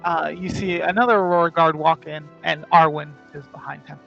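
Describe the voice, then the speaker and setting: A man's voice: fairly high pitch, fairly even intonation, a little fast, vocal fry, dull audio, soft background music. A man narrating as dungeon master in a casual way, full of fillers and self-corrections. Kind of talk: narrating a tabletop game.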